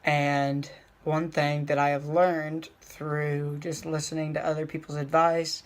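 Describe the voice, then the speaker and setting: A young man talking casually in a vlog, rambling with fillers and slowing down to stress his points. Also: a little high, little pitch movement. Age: young adult. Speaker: vlogger. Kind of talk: casual motivational vlog talk.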